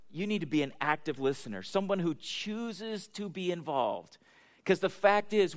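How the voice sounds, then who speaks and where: A middle-aged man preaching a conversational sermon, chatty and self-deprecating, often asking the congregation questions. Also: a little high. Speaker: pastor.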